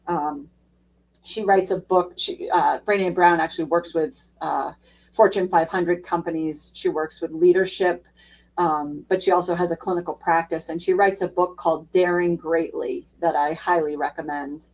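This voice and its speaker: A woman social worker giving an educational talk in a relaxed, conversational way with frequent fillers. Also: on the low side, moderate pace, recorded from a distance, poor audio.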